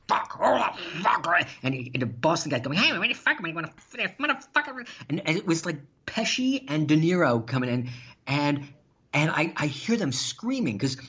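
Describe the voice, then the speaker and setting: A man's voice: on the high side, breathy edge. A man telling funny stories on a podcast as a guest, laughing as he goes. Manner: animated, laughs while telling anecdotes. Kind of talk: casual storytelling. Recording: dull lo-fi sound.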